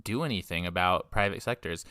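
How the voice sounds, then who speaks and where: A man's voice: low voice, a little fast, sharp tone, clear, resonant tone, no room sound, clean studio sound. A young man co-hosting a podcast, chatting animatedly and swearing casually between frequent laughs. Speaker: podcast co-host. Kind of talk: casual political chat.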